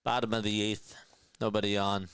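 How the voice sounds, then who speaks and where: Male fan play-by-play caller, fairly low and smooth voice, dry close mic, exasperated with the chat. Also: level tone, moderate pace, a bit bright, dry recording. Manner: frustrated, talks back to the chat. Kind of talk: live fan play-by-play stream.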